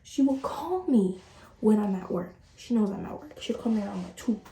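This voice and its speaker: A woman's voice: medium pitch, normal speed. A woman in her late teens chatting to viewers in a casual storytime while doing her skincare. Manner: chatty, animated, addresses viewers directly. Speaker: vlogger. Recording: roomy and distant from the mic.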